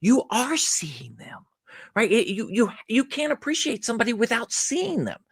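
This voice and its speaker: Lively, animated man telling stories. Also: very high voice, moderate pace, creaky, husky, no room sound. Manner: animated storyteller who acts out little dialogues. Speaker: podcast guest, gratitude speaker. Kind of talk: conversational podcast interview.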